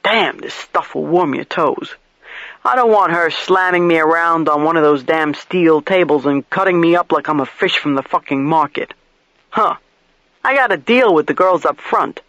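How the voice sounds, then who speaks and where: A man's voice: fairly high pitch, moderate pace, fairly bright tone, no echo, lo-fi sound. A man voicing a crude, belligerent middle-aged male police detective who is drunk and swearing. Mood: crude, loud.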